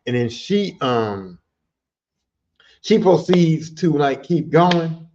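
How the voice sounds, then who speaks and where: The audio is dull and the man talks slowly as he recounts a casual story for his podcast, loaded with slang and profanity. He stays animated, his voice jumping high during the tense retellings.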